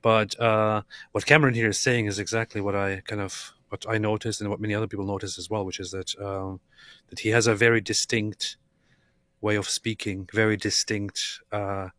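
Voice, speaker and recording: A man's voice: on the low side, little pitch movement, moderate pace, bright, forceful tone, dry recording, studio quality. A man co-hosting a show, chatting casually and hesitantly with many fillers. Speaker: co-host. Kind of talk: casual chat.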